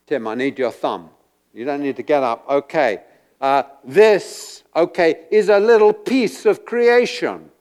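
A man preaching a sermon to a congregation, moving from quiet asides to loud, emphatic rhetorical questions. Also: on the high side, a little slow, clean tone. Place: church before a congregation.

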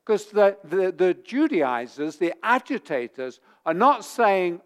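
Male pastor, slow deliberate sermon delivery, smooth clear voice, builds to forceful emphasis. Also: high voice. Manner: animated, repeats points with rising force.

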